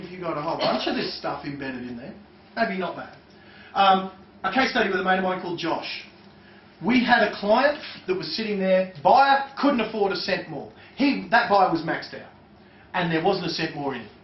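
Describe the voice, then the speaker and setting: A man's voice: high voice, very animated, normal speed, a little hiss or hum. A man running a live seminar for an audience, teaching in a loose, chatty way with lots of fillers, recorded from a distant mic. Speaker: seminar trainer. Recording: echoey, distant, dull lo-fi room recording.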